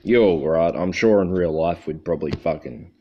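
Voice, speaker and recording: Australian man, very low voice, rambling livestream chat, swears a lot, dull lo-fi sound. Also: normal speed, slight background noise. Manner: rambling, profane, joking. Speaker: livestream host.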